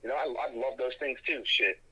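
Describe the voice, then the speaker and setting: A man on a podcast as a guest, with a raspy, forceful tone over a muffled, lo-fi remote line. He speaks in a laid-back way, swears casually and repeats words as he goes. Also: medium pitch, brisk. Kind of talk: casual chat.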